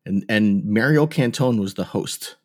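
A man's voice: lowish voice, measured pace. A man in his thirties chatting casually in a wry, rambling way. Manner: wry, rambling, laughs easily. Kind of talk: casual chat.

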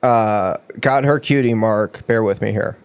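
A man's voice: fairly low pitch, measured pace, clear, resonant tone. A man co-hosting a casual podcast, retelling a story in a rambling way, swearing often and trailing off. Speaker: podcast co-host.

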